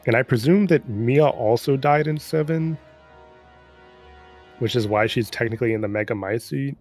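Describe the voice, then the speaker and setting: A man's voice: medium pitch, normal speed, darkish tone, soft background music. A man casually recapping a game's story in a rambling, profane, sarcastic way. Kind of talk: casual chat.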